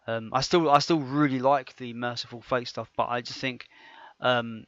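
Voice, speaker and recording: A podcast co-host with a medium-pitched, slightly bright voice speaks at normal speed with fairly even intonation. He rambles enthusiastically and casually, stumbling into many restarts. The lo-fi podcast audio is dull and dry, with no echo.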